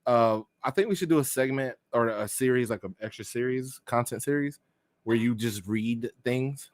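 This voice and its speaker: A man co-hosting a casual podcast, joking and swearing in offhand banter. His voice sits at a middle pitch. The recording is dry and close-miked. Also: normal speed, no echo. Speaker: podcast co-host. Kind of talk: casual chat.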